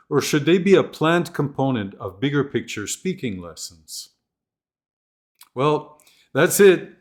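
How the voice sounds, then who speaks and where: Man, mid-pitch, scripted teacher-training narration; slows down to model example phrases clearly.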